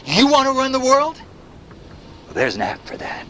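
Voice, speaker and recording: A man's voice: extremely high pitch, wildly swooping pitch, normal speed, exaggerated voice. An actor playing a paranoid male anti-surveillance activist in a video game, talking impassioned and firing rhetorical questions at the listener. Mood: impassioned rant. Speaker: game character.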